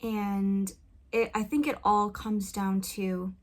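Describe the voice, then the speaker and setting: A woman musician and video creator speaks slowly in a level, medium-pitched voice, reflecting in a personal vlog while hesitantly searching for words. She records in a home vocal booth on a studio condenser mic with a pop filter.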